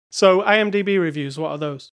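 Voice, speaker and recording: A podcast co-host chatting casually about a film, joking and chuckling between thoughts. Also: medium pitch. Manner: jokey, chuckles, reads reviews aloud wryly. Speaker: podcast co-host reviewing films. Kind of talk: casual chat.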